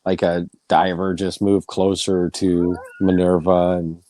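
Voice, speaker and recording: A man's voice: low-pitched, little pitch movement, slow pace, mellow. A man chatting casually as a podcast co-host, making playful, joking asides. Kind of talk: casual chat.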